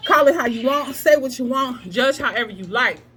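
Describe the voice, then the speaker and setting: Brief: emphatic, breathless woman hosting a workout vlog, high-pitched, recorded at a distance over clear music. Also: lively intonation, normal speed. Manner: sassy, preachy, emphatic, laughs often. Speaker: plus-size fitness vlogger. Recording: distant mic with music behind.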